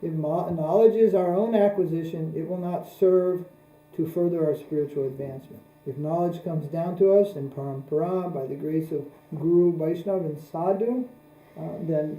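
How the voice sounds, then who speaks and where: Male spiritual teacher, very dark mellow tone, roomy echo, unhurried delivery. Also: a little high. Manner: unhurried, repeats phrases for emphasis. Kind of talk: spoken religious discourse.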